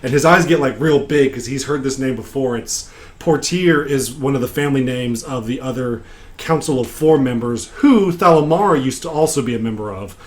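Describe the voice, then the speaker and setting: A man's voice: medium pitch, normal speed. A man hosting a podcast, recapping a tabletop game session in casual chat, rambling with many fillers. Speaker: podcast host.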